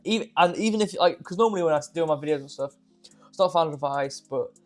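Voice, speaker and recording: A man co-hosting a casual crypto stream, explaining charts in a quick, rambling way. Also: a little high, soft background music. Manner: quick, rambling, self-correcting. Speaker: co-host and chart analyst. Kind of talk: casual chat.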